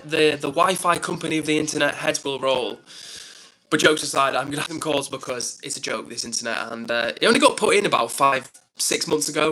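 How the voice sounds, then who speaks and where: Bright-voiced upbeat streamer man. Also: on the high side, low-quality recording. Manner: chatty, upbeat, self-deprecating, thanks viewers often. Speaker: live streamer. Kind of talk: casual live-stream chat, reading comments.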